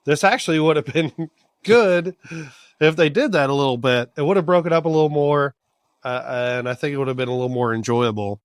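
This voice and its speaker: A man's voice: fairly high pitch, expressive, brisk, no room sound, clean studio sound. A man co-hosting a podcast who chats about a TV episode in an easygoing, agreeable way and laughs often. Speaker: podcast co-host. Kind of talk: casual TV recap chat.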